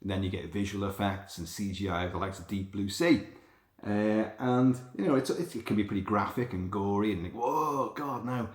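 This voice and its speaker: A man with a lowish voice rambles through a sweary, animated monologue. He tells stories loosely and jumps between thoughts. The room sounds roomy and echoey. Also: brisk. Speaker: podcast host. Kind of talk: casual monologue. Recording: roomy echo.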